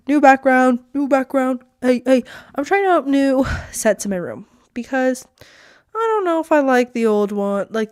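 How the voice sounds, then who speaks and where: A woman's voice: a little high, a little mellow, no echo, clean studio sound. A teenage girl hosting her podcast from her bedroom, rambling and self-deprecating to the camera. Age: teens. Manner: chatty, rambling, self-deprecating with frequent laughs. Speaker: podcast host. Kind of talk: casual solo podcast vlog.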